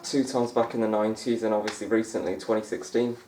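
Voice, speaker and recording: A man's voice: lowish voice, little pitch movement, fast, warm tone, roomy sound, a little hiss or hum. A young man chatting casually over a snooker game as a gaming YouTuber, rambling and laughing often. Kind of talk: let's-play commentary.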